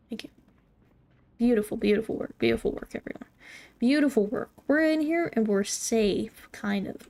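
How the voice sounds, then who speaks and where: A woman's voice: a little high, vocal fry, darkish tone. A woman streaming a game live, chatting with viewers in a playful, mock-formal way while she plays. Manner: playful mock-formal phrasing, talks to chat. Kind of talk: live gaming commentary, reading chat.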